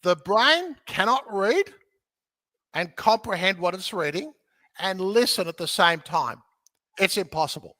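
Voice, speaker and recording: An energetic man with a high, bright voice explains his methods as a podcast guest. He talks in a lively, joking way and keeps checking in with his listener. The sound is dry and close. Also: measured pace, no room sound. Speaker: podcast guest, real estate educator. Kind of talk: animated teaching in conversation.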